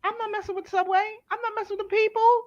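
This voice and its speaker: A middle-aged woman, hosting a casual panel talk, blunt and animated, swearing freely. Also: extremely high pitch, rapid-fire, lo-fi sound, crowd noise. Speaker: host.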